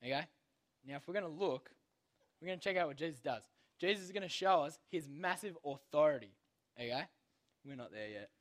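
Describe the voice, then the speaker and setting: A man's voice: a little high, animated, a little fast, long pauses, a bit bright. A young man giving a casual, slangy Bible lesson to children, constantly checking in with "okay?". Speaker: youth Bible teacher.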